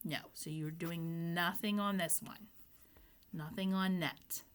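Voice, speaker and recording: A woman's voice: lowish voice, fairly even intonation, takes it slowly, clear, resonant tone. A woman teacher giving a phonics lesson to young children. She sounds out letters and words patiently and asks the children questions. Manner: speaks to the children, asking questions and prompting answers.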